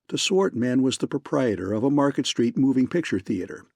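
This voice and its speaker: A man narrating an audiobook in even, measured scripted narration. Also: mid-range voice, creaky, no echo, clean studio sound.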